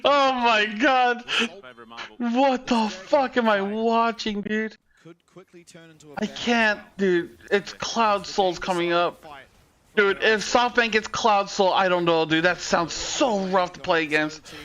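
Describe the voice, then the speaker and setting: A man streaming a watch party, reacting to a live esports match with loud swearing, constant "dude," and yelling at big plays. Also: high-pitched, takes it slowly, dull audio.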